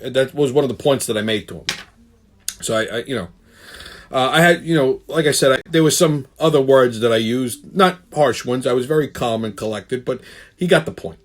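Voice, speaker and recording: A man's voice: mid-range voice, normal speed. A male show host telling a heated, profane story in a blunt ranting monologue.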